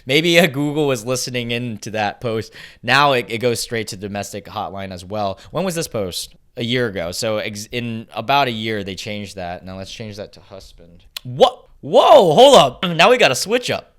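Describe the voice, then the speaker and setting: A young man hosting a casual reaction video, chatty and excitable, laughing often between lines. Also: mid-range voice, moderate pace. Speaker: YouTube host.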